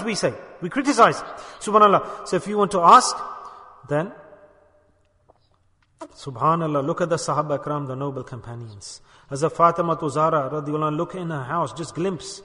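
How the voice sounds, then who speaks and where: A man preaching a sermon, emphatic, swinging from loud exhortation to hushed asides. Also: a little high, fairly quick, big-room sound.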